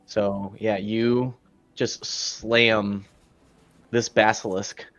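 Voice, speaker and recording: A man's voice: lowish voice, little pitch movement, very slow, a bit bright, lo-fi sound. A man running a tabletop game as dungeon master, narrating the action with laughs.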